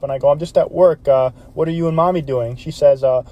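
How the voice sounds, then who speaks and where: A man's voice: fairly high pitch, quick pace, hardly any pauses. A man, a father, telling a joke as a first-person story and acting out the voices in it. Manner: animated, acting out quoted voices.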